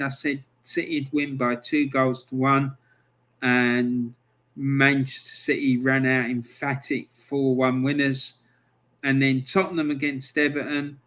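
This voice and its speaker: Alone on his own football review channel, a man talks in a chatty, exasperated, bantering style. His voice is fairly high in pitch and a bit bright.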